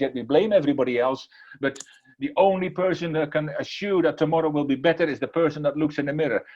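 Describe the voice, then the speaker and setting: Guy giving a motivational talk, kinda high voice, repeats stuff for emphasis, lo-fi audio. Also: darkish tone. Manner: emphatic, repeats key words, some restarts. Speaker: motivational speaker. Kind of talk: inspirational talk with a story.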